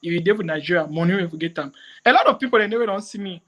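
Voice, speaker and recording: A man, a comedian chatting in an interview, animated and quick to slip into French. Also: high-pitched. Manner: animated, switches into French and mimicry. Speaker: comedian guest. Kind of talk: casual interview chat.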